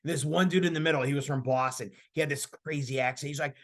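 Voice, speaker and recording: A man in his thirties, a podcast host, telling a story in casual chat, animated and laughing as he talks. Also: a little high, fast talker, few pauses.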